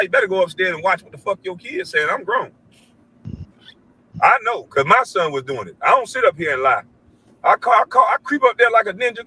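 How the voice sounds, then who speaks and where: High-voiced man ranting hard. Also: slight background noise, low-quality recording. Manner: profane, loud and preachy, mimics others in high voices. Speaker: show host. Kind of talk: heated commentary rant.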